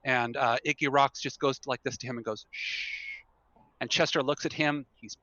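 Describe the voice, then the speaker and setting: A man running a tabletop game, narrating in a rambling way with lots of fillers. His voice is bright and forward. The room sounds dead dry, and the audio is dull and lo-fi. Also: mid-range voice, steady tone, fairly quick, no echo. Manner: rambling, with many fillers and frequent laughter. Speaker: game master.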